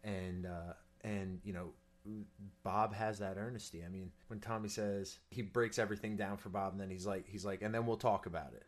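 A man's voice: low-pitched, flat delivery, normal speed. A young man, a stage actor, chatting as a guest in an eager, earnest way, with lots of fillers and restarts. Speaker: musical theater actor, guest. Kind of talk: casual interview chat.

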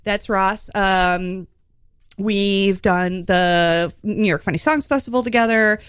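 A woman hosts a comedy radio show from a studio, rambling and joking as she chats. Her voice sits at an ordinary pitch. The sound is dry and close. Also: slow, clean tone, no room sound. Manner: rambling, joking, many fillers. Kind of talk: casual comedy radio chat.

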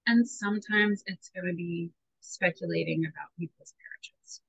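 A woman's voice: fairly low pitch, steady tone, moderate pace, creaky, a bit bright, husky, no echo, poor audio. A woman co-hosting a casual pop-culture podcast, chatty and playful, laughing easily. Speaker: podcast co-host. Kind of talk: casual chat.

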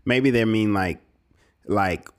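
A man's voice: lowish voice, slow pace. Laid-back, rambling male podcast co-host. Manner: laid-back, rambling, frequent laughs and fillers. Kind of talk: casual chat.

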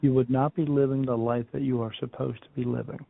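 A man's voice: mid-range voice, little pitch movement, fast talker, vocal fry. A man, a medium, talking as a guest in a casual interview, rambling through stories and acting out what people said. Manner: rambling storyteller, repeats and restarts, acts out quotes. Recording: phone-like remote call audio.

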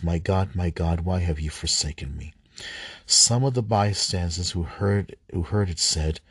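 A man reading scripture aloud, halting at times, stumbling and rereading lines. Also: low-pitched, husky, no echo. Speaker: scripture reader.

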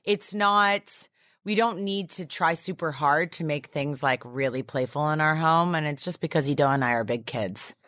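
A woman's voice: sits low, normal speed, a bit bright, dry recording, clean studio sound. A woman in her thirties chatting as a podcast guest, telling stories in a bubbly way with lots of fillers. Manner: bubbly storyteller, lots of likes. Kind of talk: casual chat.

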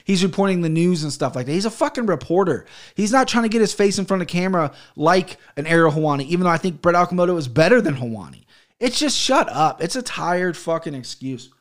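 Man, podcast host, heated profane rant, slightly high voice, home studio mic. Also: expressive, quick pace, few pauses. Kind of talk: ranting solo podcast. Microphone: studio mic on an arm.

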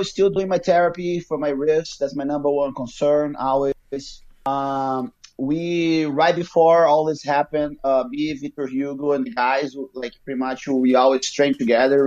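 Guy w/ on a video call, kinda high voice, laid back rambling, muffled lo-fi sound. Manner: relaxed, rambling, many fillers. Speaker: guest, jiu-jitsu athlete. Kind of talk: casual remote interview chat.

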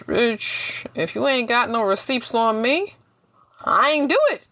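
A woman co-hosting a casual chat, reacting with slow, drawling, blunt humor. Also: fairly high pitch, sharp tone, no room sound. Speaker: podcast co-host.

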